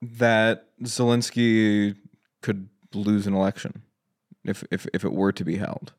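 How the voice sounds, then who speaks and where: A man debating the war on a casual podcast, speaking in halting bursts full of "like" and "right?". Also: lowish voice, steady tone. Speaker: podcast guest.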